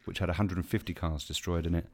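A man's voice: sits low, fairly even intonation, quick pace. A man co-hosting a casual movie podcast, telling stories with enthusiasm. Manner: enthusiastic, storytelling. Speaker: podcast co-host. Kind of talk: casual chat.

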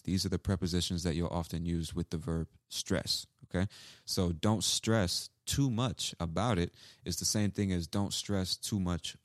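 A low-voiced man hosts an English-learning podcast, casually explaining phrases, repeating examples, and acting out sample lines. He's an English teacher, and the studio-quality recording has no echo.

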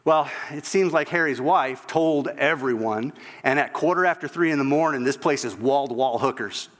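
A man preaching a sermon, telling a story and acting out its voices, dropping to a hush at the end. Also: medium pitch, normal speed, long reverb tail.

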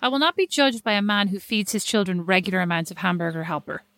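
A woman's voice: medium pitch, lively intonation, quick pace, a bit bright, dry recording. A woman co-hosting a casual chat, teasing and mock-indignant. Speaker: podcast co-host. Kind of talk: casual chat between sisters.

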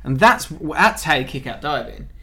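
A man hosting a casual football podcast, telling stories and acting out quotes with lively energy. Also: fairly high pitch, normal speed, breathy edge. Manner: animated storyteller, acts out quotes. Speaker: podcast host.

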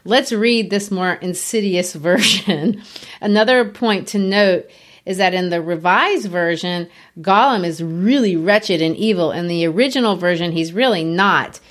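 A woman's voice: on the low side, unhurried. Woman explaining literature like a teacher. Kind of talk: casual literary lecture.

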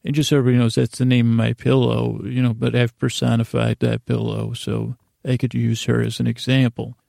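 Male podcast host, gravelly and dark, drifting bedtime ramble. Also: medium pitch, little pitch movement, a little fast, no echo, clean studio sound. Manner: meandering, drowsy, full of restarts and fillers.

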